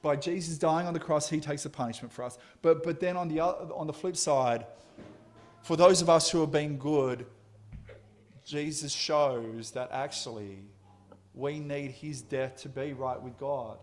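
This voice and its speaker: A man preaching a sermon, telling a story with halting restarts and emphatic turns. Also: fairly high pitch.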